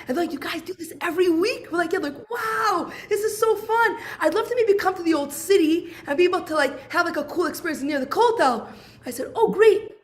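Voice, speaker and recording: With a very high voice and fast delivery, a Brooklyn woman in her 40s tells her own story. She animatedly plays out the dialogue and keeps using "I'm like."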